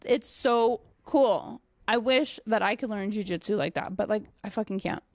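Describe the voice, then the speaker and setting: A young woman and dog trainer telling a casual story, animated, with many fillers and frequent swearing. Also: mid-range voice, fairly quick, dry recording, clean studio sound. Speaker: dog trainer and company owner.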